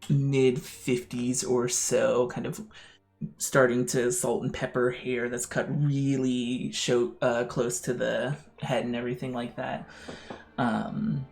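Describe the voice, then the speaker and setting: A man narrating as game master, halting with many fillers. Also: mid-range voice, level tone, vocal fry, faint music behind.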